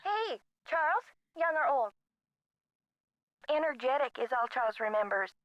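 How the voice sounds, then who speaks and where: A cheerful, folksy female librarian with an Upper Midwestern accent chats over the phone in a game. Her voice sits high and lilts freely. It comes through a muffled, dull phone line. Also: sing-song, normal speed, dry recording.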